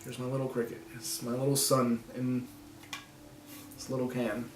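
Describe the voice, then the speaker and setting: A man talking to the camera in a soft, halting way, breaking off with nervous laughs and long pauses. His voice has an average pitch. It sounds roomy and echoey, with the mic set back from him. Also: little pitch movement, far from the mic, a little hiss or hum. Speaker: vlogger. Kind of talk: personal vlog talking to camera.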